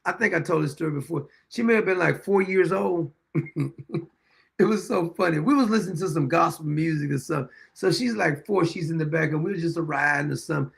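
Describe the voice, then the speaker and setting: A man's voice: fairly high pitch, brisk, vocal fry, fairly bright tone. A man in his fifties hosting a show, telling folksy anecdotes in a casual monologue, chuckling often and repeating phrases for emphasis. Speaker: show host.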